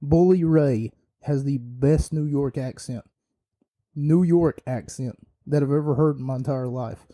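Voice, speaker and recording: A man's voice: medium pitch, a little slow, mellow. A man hosting a podcast, giving an opinionated, rambling wrestling review with many fillers and restarts. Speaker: podcast host.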